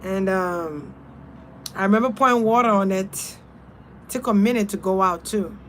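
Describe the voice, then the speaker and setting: A young adult woman spiritual reader talking in a casual vlog, blunt, animated and freely profane. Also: mid-range voice, normal speed, slight background noise.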